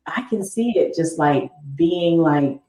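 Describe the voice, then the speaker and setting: A woman's voice: low voice, animated, slow pace, mellow. A woman hosting an interview, chatting casually and laughing often as she asks questions. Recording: echoey, muffled room sound.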